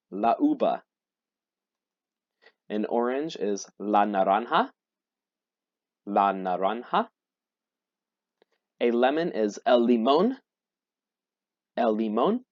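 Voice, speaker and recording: A man teaching a vocabulary lesson, explaining and repeating each word slowly. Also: fairly low pitch, dry recording. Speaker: Spanish teacher. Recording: dull lo-fi dry recording.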